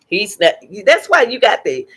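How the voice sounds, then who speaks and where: A woman's voice: mid-range voice, wildly swooping pitch, moderate pace, a bit bright, breathy edge. A woman hosting a reaction channel, giving emphatic commentary and repeating her points to her viewers.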